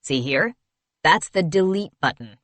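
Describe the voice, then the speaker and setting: A woman's voice: fairly low pitch, expressive, unhurried, fairly bright tone, dry recording. A woman voicing a cheery, nerdy young male salesman who talks eagerly about gadgets. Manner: eager, knowledgeable sales patter.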